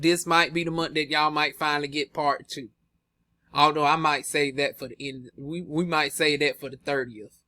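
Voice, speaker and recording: A man's voice: fairly high pitch, bright, forceful tone, dry recording, clean studio sound. A young man in a sassy, flamboyant gossip commentary vlog, drawling "honey" between his remarks. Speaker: gossip vlogger.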